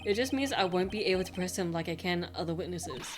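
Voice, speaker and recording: A woman voicing a determined young male defense lawyer in her own voice, earnest and measured. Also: on the low side, lively intonation, close to an everyday voice. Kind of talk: reading game dialogue aloud.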